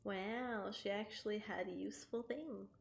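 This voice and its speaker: Slow-talking woman streamer, scratchy throat. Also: mid-range voice, steady tone, vocal fry. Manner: chatty, swearing, laughing often. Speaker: game streamer. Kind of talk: casual live-stream chat while playing. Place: home streaming setup. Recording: roomy echo with game music behind.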